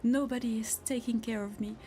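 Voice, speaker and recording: A woman's voice: fairly high pitch, fairly even intonation, a little fast, mellow, slight background noise, close to an everyday voice. A woman doing a whiny, melodramatic house cat with a French accent. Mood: whiny dramatic. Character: lazy, dramatic male house cat begging for food.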